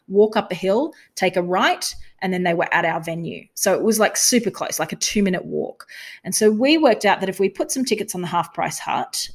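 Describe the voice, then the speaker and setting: A young adult Australian woman telling stories in a casual podcast interview, acting out the lines she said to people. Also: mid-range voice. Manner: chatty storytelling, acts out quoted lines. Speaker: guest, touring comedy performer.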